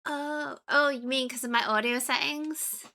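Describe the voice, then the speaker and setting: A woman's voice: steady tone, a little slow, pushed and bright. A woman streaming live and chatting casually with her viewers, giggly and chatty. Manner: chatty, giggly, talks to her pets in a high cooing voice. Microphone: headphones with desk mic.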